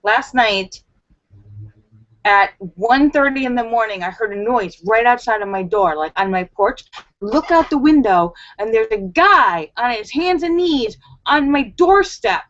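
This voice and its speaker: A young woman hosting a casual live stream at home, telling stories in an animated, chatty way with many fillers, on a webcam mic. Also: on the high side, measured pace, highs cut off.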